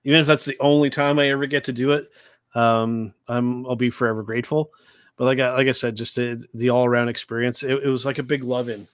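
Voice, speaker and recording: A man co-hosting a wrestling podcast who talks in an earnest, halting ramble. His voice is mid-pitched and stays flat, with little rise or fall. The mic is close and dry. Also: dry recording. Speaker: podcast co-host. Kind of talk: casual chat.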